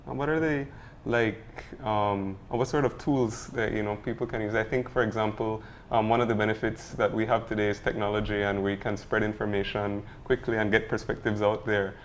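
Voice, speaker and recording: Hesitant low-voiced male co-host. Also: fairly even intonation, brisk, a little hiss or hum. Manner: hesitant, many fillers. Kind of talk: interview questions.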